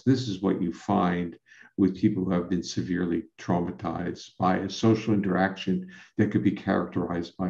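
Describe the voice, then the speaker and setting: Gravelly, low-voiced scientist explaining. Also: male voice, darkish tone. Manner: measured, lecturing, with frequent restarts. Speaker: scientist guest. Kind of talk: explanatory conversation. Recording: roomy, dull lo-fi sound.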